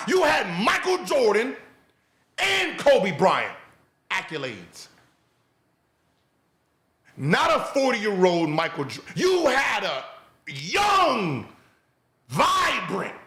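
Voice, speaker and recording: A man rants in reaction commentary at a high, bright pitch, yelling with profanity and disbelief. His voice rings in a roomy, echoey studio. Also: sing-song, slow pace, long pauses. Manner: loud, profane, incredulous shouting. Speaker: podcast host.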